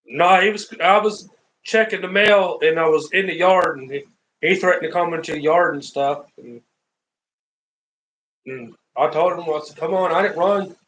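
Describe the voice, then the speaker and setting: A man's voice: on the high side, normal speed, a bit bright, a little hiss or hum, rough recording. Rambling man telling a story. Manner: rambling, repeats himself, acts out quoted lines. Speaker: live streamer. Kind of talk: casual storytelling. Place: in a car.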